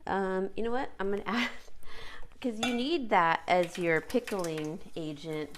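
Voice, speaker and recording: A woman's voice: mid-range voice, a little slow, noisy background. A woman casually talking through a home cooking how-to, chatty and rambling with many fillers and restarts, with the hiccups. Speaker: cooking vlogger. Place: home kitchen.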